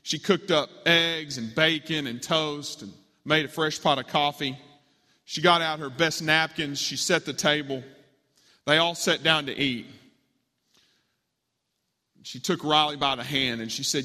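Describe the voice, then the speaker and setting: A man's voice: a little high, fairly even intonation, a little slow, pauses often, sharp tone. A man preaching, telling a story dramatically as part of a sermon, in a large hall with long reverb.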